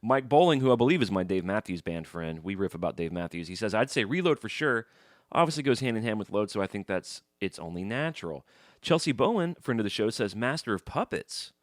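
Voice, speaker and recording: A man's voice: lowish voice, big pitch swings, a little fast, no room sound, clean studio sound. A man co-hosting a casual podcast, joking around and reading fan messages aloud. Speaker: podcast co-host.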